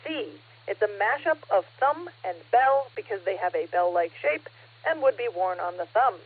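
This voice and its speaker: A woman's voice: mid-range voice, animated, normal speed, breathy edge. Playful woman on a tinny radio link. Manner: playful, joking. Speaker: trivia question reader on radio net. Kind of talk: casual radio chat.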